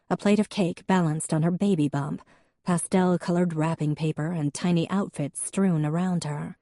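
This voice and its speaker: With a low voice and a measured, even delivery, a woman reads scripted audiobook narration. It's recorded dry, at studio quality.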